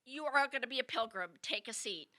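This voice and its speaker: A woman's voice: sits high, expressive, a little fast, sharp tone. A woman voicing a strict schoolteacher who gives curt, commanding orders. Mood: stern. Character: strict middle-aged female schoolteacher.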